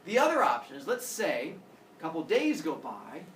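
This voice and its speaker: A male teacher telling a story to his class in an animated way, acting out characters with sound effects. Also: a little high, normal speed, a little hiss or hum. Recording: echoey classroom from far off.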